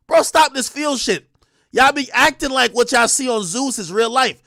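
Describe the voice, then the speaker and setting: A man hosting a livestream, ranting in a profane, confrontational, rapid-fire way. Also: very high voice, expressive, gravelly, sharp tone, no room sound, studio quality. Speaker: livestream host. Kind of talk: heated livestream rant.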